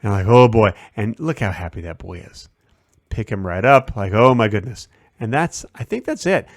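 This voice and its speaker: A man's voice: fairly low pitch, big pitch swings, moderate pace, no echo. Chatty man telling a story, dry sound. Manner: chatty, rambling, acts out quotes. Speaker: streaming host. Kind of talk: casual behind-the-scenes storytelling.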